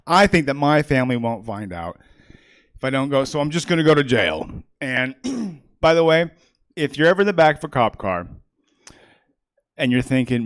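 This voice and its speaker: Rambling stand-up comic man, smooth voice. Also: mid-range voice, a bit bright. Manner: rambling, crowd work, conversational. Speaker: stand-up comedian. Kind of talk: stand-up comedy set. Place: small comedy theater, live audience.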